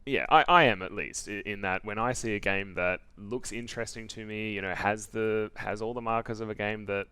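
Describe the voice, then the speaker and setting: Low-ish voiced guy chatting games on a podcast, stops and restarts a lot. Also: steady tone, pushed and bright, smooth, no room sound. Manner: halting, restarts, laughs often. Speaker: podcast co-host. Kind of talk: casual chat.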